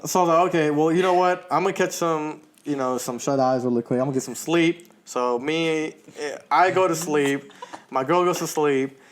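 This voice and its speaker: Dude on a podcast telling a road trip story, laughs a lot, swears, kinda high voice. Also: male voice, moderate pace. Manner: animated storyteller, laughs often, swears casually. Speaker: podcast co-host. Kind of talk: casual storytelling chat.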